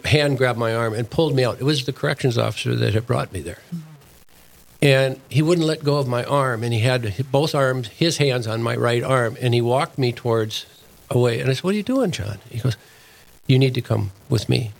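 An older man, a deacon and prison chaplain, tells a story as an interview guest, using plain, earnest words. His gravelly voice sits in the mid range and moves at a moderate pace, captured in a low-quality recording.

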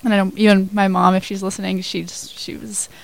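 A woman's voice: medium pitch, level tone, a little fast, creaky, rough recording. A woman in her twenties, a new hire telling her story as a guest in a casual radio interview, chatty with many fillers. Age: 20s.

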